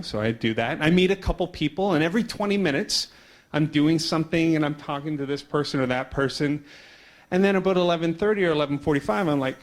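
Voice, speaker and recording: A man telling a story at a conference talk, brisk and animated. He slips into the voices of the people in his tale, then slows himself down for the audience. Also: fairly high pitch. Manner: animated storyteller acting out dialogue; quick pace with slowing down. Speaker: conference speaker.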